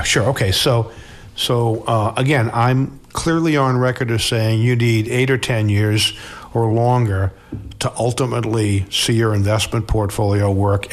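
A middle-aged financial advisor answers interview questions conversationally in a voice on the low side. He restarts words and often finishes his points with "okay?"

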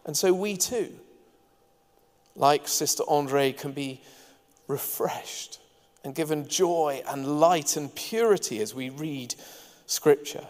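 A man's voice: a little high, slow, long pauses. A man preaching a sermon as pastor, earnest and engaging, with light asides to the congregation. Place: church hall. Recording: long hall reverb.

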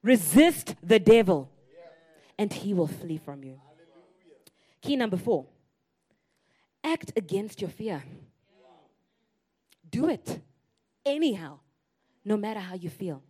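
A woman in her thirties preaching a sermon, telling stories in an animated way and rising to loud, emphatic declarations. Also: mid-range voice, slow, pauses often, slightly rough.

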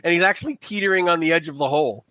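A man's voice: on the high side, rapid-fire, background noise. A man narrating as game master of a tabletop game in a loose, casual way with many fillers.

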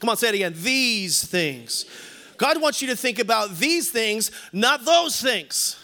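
A man's voice: very high voice, lively intonation, moderate pace, bright, forceful tone. A man in his fifties preaching a sermon as a pastor, emphatic, repeating key lines and calling on the congregation to respond. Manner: repeats key lines for stress, some restarts.

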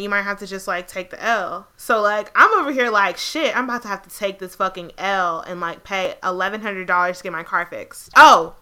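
A young woman co-hosting a podcast, telling a story in a casual, animated way with a lot of swearing. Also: a little high, clean tone. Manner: animated, profane, laughs often. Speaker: podcast co-host.

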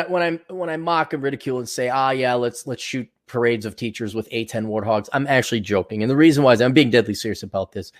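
A middle-aged man hosting a podcast, ranting bluntly and sarcastically with plenty of profanity. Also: medium pitch. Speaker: podcast host.

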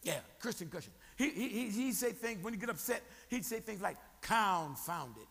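A man preaching a sermon as pastor, animated, joking and calling on the congregation to respond. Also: high-pitched, fairly quick, gravelly, long reverb tail. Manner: animated preaching with crowd prompts and humor.

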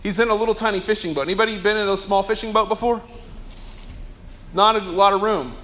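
Guy preaching sunday sermon, kinda high voice, super casual and animated, does little voices. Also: fast talker. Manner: animated storytelling, acts out voices of Jesus and fish; casual, conversational with restarts. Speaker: pastor.

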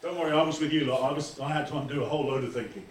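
Man, pastor, animated sermon; slightly high voice, distant mic in a very echoey church hall. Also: rapid-fire, a little hiss or hum. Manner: animated, acts out quoted voices. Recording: echoey room from far off.

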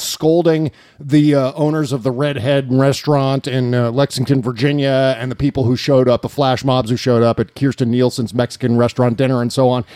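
A man's voice: mid-range voice, a little mellow, no echo, studio quality. Indignant ranting male podcast host. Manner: indignant, ranting, swears freely. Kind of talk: political talk show banter.

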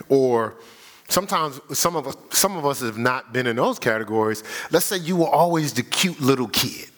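An older man preaching a sermon as pastor, playful and lively, laughing with his congregation and acting out the voices of the people he quotes. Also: mid-range voice. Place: church sanctuary.

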